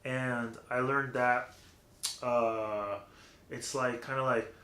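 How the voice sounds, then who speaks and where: A man's voice: mid-range voice, steady tone, slow, a bit bright. A man giving a casual, rambling vocal technique lesson, full of fillers, who breaks off to demonstrate different voice placements. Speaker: vocal coach. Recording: roomy echo.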